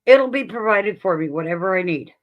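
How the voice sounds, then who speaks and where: A woman's voice: mid-range voice, lively intonation, a little fast, narrow, tinny audio. A woman hosting a casual livestream, speaking earnestly about her faith and laughing easily. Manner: earnest, sharing personal faith, breaks into laughs. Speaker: livestream host.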